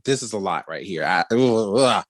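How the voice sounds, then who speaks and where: Brief: lively, expressive co-host who acts out scenes and laughs a lot; dry, close sound. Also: deep voice, normal speed, no room sound. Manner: animated, acts out characters' reactions, laughs often. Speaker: podcast co-host. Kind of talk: casual review chat.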